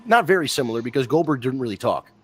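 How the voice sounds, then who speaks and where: A man's voice: medium pitch, quick pace, husky, dry recording. Chatty man rambling about wrestling. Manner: rambling, animated, restarts sentences. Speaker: wrestling podcast co-host. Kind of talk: casual live-stream chat.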